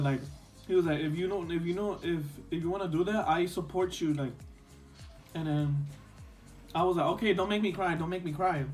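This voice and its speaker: High-voiced young guy rambling a storytime. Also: brisk, a little mellow, faint music behind. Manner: rambling, lots of "like" and restarts, slips into Spanish. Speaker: vlogger. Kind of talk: casual storytime chat while eating.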